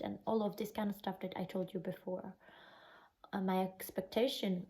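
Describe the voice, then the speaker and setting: A woman's voice: mid-range voice, little pitch movement, normal speed, dark tone, low-quality recording. A young woman from Italy with an Italian accent, telling a painful personal story in a casual vlog, full of "like" fillers. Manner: emotional, recounting a bad experience, lots of "like" fillers. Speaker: vlogger.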